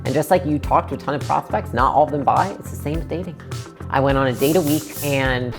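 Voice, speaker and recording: A woman's voice: very deep voice, animated, quick pace, music in the background. A woman in her twenties telling her own story in a casual, conversational way, full of "like" fillers and acted-out quotes. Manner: conversational, frequent "like" fillers, acts out quoted lines.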